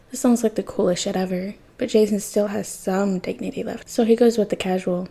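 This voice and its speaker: A woman reading fan fiction aloud in a soft, intimate narration that sometimes drops close to a whisper. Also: medium pitch, fairly even intonation, a little fast, gravelly, hardly any pauses, slightly rough. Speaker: podfic reader.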